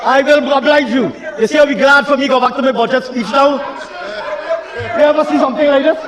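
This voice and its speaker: In a parliament chamber thick with long reverb and a soft murmur from the crowd, a Guyanese man serving as a government minister rails and taunts, repeating himself heavily. His pitch is very high, his intonation fairly even, and his pace fairly quick.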